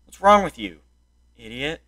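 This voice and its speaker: A young man in raging gameplay commentary, frustrated, swinging between muttered complaints and loud shouts at the game. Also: fairly high pitch, sing-song, unhurried. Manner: frustrated, yelling and insulting the game. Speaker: gameplay streamer.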